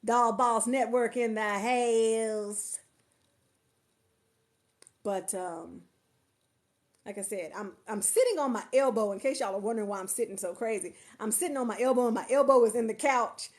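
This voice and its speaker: A woman coach talks casually to her livestream viewers from a couch at home, her voice pitched a little high. She rambles warmly, doubles back and repeats herself. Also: moderate pace. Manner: chatty, affectionate, rambling with repeats. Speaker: coach and marketer.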